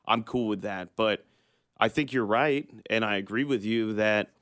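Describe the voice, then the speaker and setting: A man's voice: fairly low pitch, moderate pace, fairly bright tone, no room sound, studio quality. A man co-hosting a sports talk show, chatting easily, agreeing and then adding his own analysis. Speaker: sports radio co-host.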